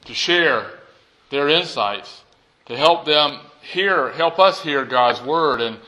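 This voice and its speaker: A man preaching a sermon to his congregation in a lively, conversational way and asking them questions. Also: medium pitch, rough recording. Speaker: pastor. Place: church.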